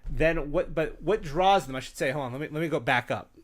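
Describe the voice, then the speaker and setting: A man's voice: a little high, fairly quick. A man hosting a casual chat about tabletop gaming, talking on a computer mic during a screen share, rambling with lots of fillers and restarts and telling stories with animation. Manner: animated storyteller. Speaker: host sharing game-master tips.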